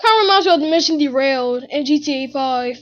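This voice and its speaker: A woman giving excitable gaming commentary, full of gasps and exclamations. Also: high-pitched, fast talker, highs cut off. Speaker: gamer.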